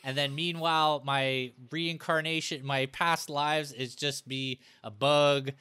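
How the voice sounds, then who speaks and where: Male podcast co-host: bright, smooth voice, joking questioner. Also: fairly high pitch, steady tone, slow. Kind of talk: casual podcast interview.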